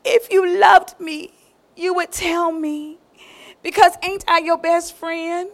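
A woman preacher voicing a seductive, pleading woman who coaxes her lover in a soft, half-whispered way. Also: very high voice, fairly even intonation, takes it slowly, full character voice. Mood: wounded pleading.

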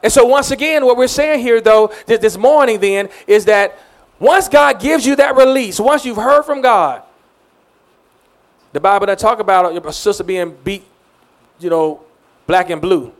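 A man's voice: high-pitched, unhurried. A man giving a conversational sermon as a minister, earnest, often repeating words and calling out amen.

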